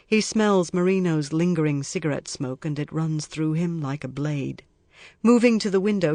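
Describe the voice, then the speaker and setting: A man reading a crime novel aloud in even, measured scripted narration. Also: on the high side, no room sound. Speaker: audiobook narrator.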